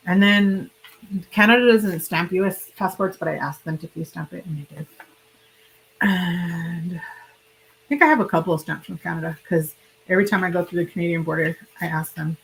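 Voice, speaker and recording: A woman's voice: fairly low pitch, normal speed, a little hiss or hum, low-quality recording. A woman hosting a casual livestream, chatting and rambling directly to her viewers while sick and hiccuping. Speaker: livestream host.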